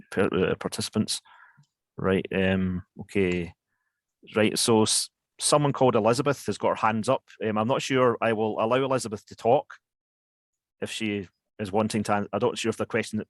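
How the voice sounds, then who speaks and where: A man hosting an online question session, halting and apologetic with many fillers. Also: lowish voice, fairly even intonation, no echo. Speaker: event host. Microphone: video call.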